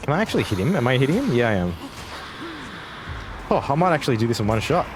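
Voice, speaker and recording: Very animated and fast-talking, a man in his twenties with a medium-pitched voice streams gameplay over background music. He's casual and rambling, responding to chat between fights.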